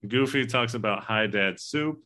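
A man's voice: mid-range voice, unhurried, sharp tone. A man co-hosting a casual movie discussion, talking in an earnest, rambling way and swearing casually. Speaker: podcast co-host.

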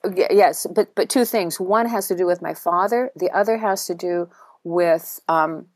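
A middle-aged woman, a guest who teaches writing to veterans, speaking in a halting, searching way with many repeats and restarts. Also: fairly low pitch, no echo. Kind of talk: emotional personal interview.

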